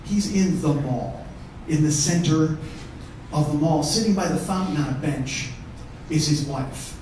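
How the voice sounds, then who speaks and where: On a theatre stage before a live audience, a stand-up comedian with a warm, somewhat high voice tells a story in his one-man show, speaking a little slowly. He's conversational and profane, bantering with the crowd. The recording is echoey and distant, with slight background noise.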